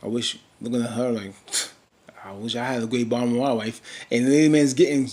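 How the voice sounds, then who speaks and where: Man, casual TV recap, rambling, many fillers, mid-pitched voice, character mimicry. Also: fairly even intonation, fairly quick, darkish tone. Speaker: TV episode recapper.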